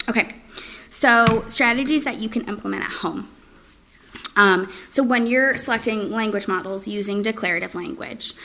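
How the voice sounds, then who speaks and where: A woman's voice: mid-range voice, normal speed, background noise. A woman giving an informal training presentation, with frequent ums and sing-song modeled phrases. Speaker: speech-language presenter.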